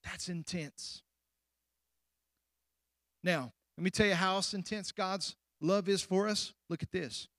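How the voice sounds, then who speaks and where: A man with a high, bright speaking voice delivers a sermon, pressing the congregation with direct questions. He speeds up in bursts and then sinks into slow, hushed endings. The sound is dry and close, with no room echo. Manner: preaching with sudden rushes and drawn-out, hushed endings. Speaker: pastor.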